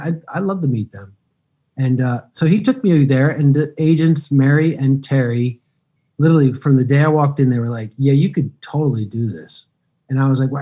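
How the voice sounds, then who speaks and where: A man in his fifties, an actor being interviewed, telling stories in a relaxed, rambling way. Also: mid-range voice, husky. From United States. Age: 50s. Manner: relaxed, rambling, acts out quoted dialogue. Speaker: guest actor. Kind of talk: casual interview storytelling.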